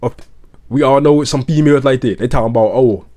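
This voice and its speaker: Rambling, animated male commentator. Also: mid-range voice, fast talker. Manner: animated, rambling, repeats himself, swears a lot. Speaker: reaction commentator. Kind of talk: casual profane commentary.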